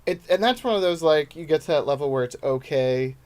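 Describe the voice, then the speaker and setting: A man who is a stand-up comedian, chatting casually on a podcast as a guest and telling stories at a quick clip. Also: a little high. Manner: fast talker; animated storyteller who acts out his own lines.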